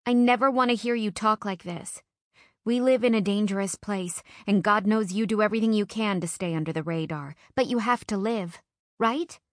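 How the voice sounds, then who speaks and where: A woman reading an audiobook and voicing an outspoken, protective young hairdresser friend, a bit higher and louder than her narration. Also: normal speed, dry recording, studio quality, close to an everyday voice. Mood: firm, comforting. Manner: brash, excitable, protective.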